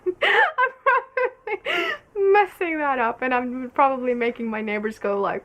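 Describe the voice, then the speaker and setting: A woman's voice: sits high, lively intonation, a little slow, fairly bright tone. A young woman from Norway, hosting a casual knitting podcast in a rambling, giggly way, full of fillers. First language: Norwegian. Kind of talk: casual solo podcast chat.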